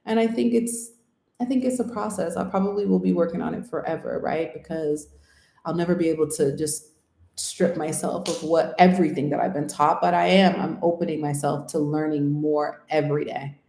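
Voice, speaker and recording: A woman's voice: low voice, steady tone, moderate pace, vocal fry, dark tone, a little hiss or hum. A woman from the United States in a casual, reflective interview, talking earnestly, thinking aloud and often checking in with "right?". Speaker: interviewee, channel host. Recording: roomy echo.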